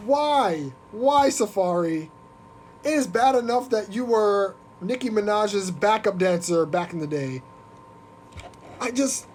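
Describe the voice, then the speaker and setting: A podcast host ranting on a live stream in an animated, profane, mocking way. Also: male voice, sits high, slight background noise. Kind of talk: casual live-stream rant.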